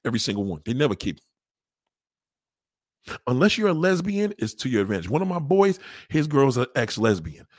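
A man's voice: mid-range voice, big pitch swings, brisk, pauses often, no room sound, studio quality. A man doing a crude, profane stand-up routine, brash and blunt, acting out the voices of the people in his stories. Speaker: stand-up comedian.

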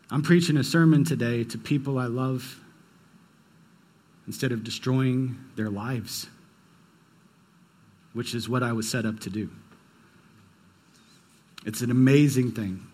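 A man's voice: mid-range voice, slow pace, long pauses, a little mellow, slightly rough. A young man preaching a sermon, telling a personal story in a casual, conversational way. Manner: conversational, storytelling with quoted dialogue. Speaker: pastor.

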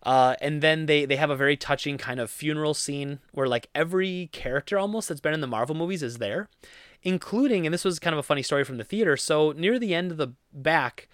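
A man's voice: on the high side, fairly bright tone, no echo. Rambling man retelling a movie, dry sound. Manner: rambling, self-correcting, quoting characters with laughs. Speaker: movie fan recapping a film. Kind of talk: casual retelling.

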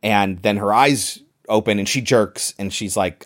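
A man's voice: on the low side, normal speed. A man hosting a podcast, casually recapping a film in detail and acting out quoted lines. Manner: retells scenes in detail, acts out quoted lines. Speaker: podcast host.

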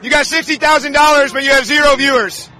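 A man's voice: very high-pitched, fairly even intonation, quick pace, pushed and bright, a faint crowd. Sarcastic man mocking a heckler. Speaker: street reporter. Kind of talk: confrontational street interview. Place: outdoors on a city street.

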